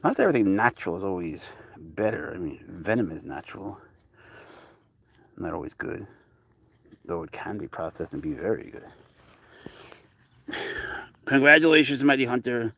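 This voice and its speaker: A man's voice: lowish voice, very animated, moderate pace, vocal fry, long pauses, pushed and bright, husky, no echo. A man hosting a casual livestream about his pet cat, chatting to viewers with rambling asides and cooing at the cat. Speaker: cat owner and channel host.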